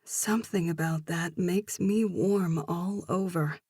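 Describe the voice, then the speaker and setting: A woman narrating a romance novel in first person with steady storytelling. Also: fairly low pitch, slow, breathy edge, dry recording, clean studio sound. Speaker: audiobook narrator.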